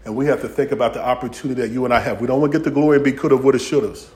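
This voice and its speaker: A man's voice: mid-range voice, racing. A man preaching a sermon, playful and humorous, acting out voices of biblical figures in vernacular speech. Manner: animated, humorous preaching with acted-out dialogue; Southern-inflected vernacular, y'all and ain't. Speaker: pastor.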